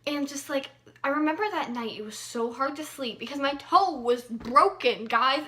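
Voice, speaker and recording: A young woman chats through a personal story for her vlog, full of fillers and playful bursts of emphasis. Her voice sits high and sounds bright and lively. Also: brisk. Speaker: vlogger.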